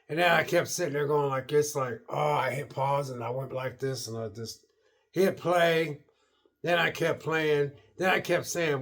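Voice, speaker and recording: Gravelly-voiced man rambling casually. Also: fairly high pitch, a little slow. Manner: rambling and repetitive, quoting himself. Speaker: vlogger reviewing a movie.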